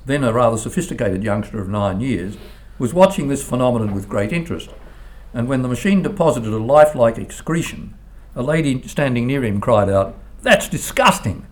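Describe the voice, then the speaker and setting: An older man, a philosophy professor, reading a formal academic lecture in a measured way, with the odd stumble. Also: medium pitch, lively intonation, darkish tone. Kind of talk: academic lecture read from a text.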